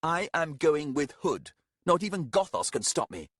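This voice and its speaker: A bitter, proud young man, voiced by a male narrator in a fantasy audiobook. His voice is lifted higher and sharp, and each line is curt and resentful. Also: sing-song, moderate pace, slightly rough, dry recording, studio quality.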